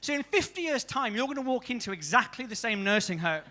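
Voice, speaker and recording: A man on a comedy club stage, telling crude jokes and landing his punchlines deadpan. His voice is very high and bright. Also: quick pace. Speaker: stand-up comedian. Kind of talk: stand-up set.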